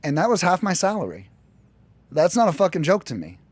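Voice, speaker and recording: An American man telling his work story in a casual podcast chat, animated and profane, often acting out quoted voices. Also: high voice, brisk, breathy edge, no echo. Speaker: podcast guest, lead generation business owner.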